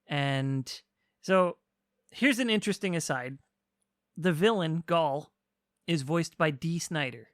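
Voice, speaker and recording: A man in casual podcast chat, his voice sitting a little high for a man. He retells things animatedly, slipping into quick acted-out lines. The sound is dry and close, with no room around it. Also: no echo. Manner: animated storytelling, acts out characters' lines. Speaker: podcast co-host explaining a game.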